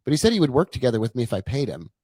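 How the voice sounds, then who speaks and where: A man's voice: mid-range voice, very animated, rapid-fire, warm tone, no echo. Chatty man telling his story, dry sound. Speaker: trading coach. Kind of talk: casual live-stream talk.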